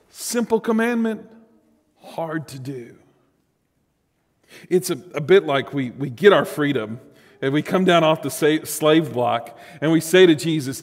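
A man preaching a Sunday sermon as pastor, earnest and animated, often restarting his phrases. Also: fairly high pitch, long reverb tail.

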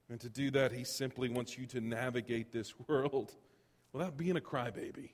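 A man preaching a sermon as a pastor, conversational and animated, full of rhetorical questions and asides. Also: medium pitch, moderate pace, big-room sound.

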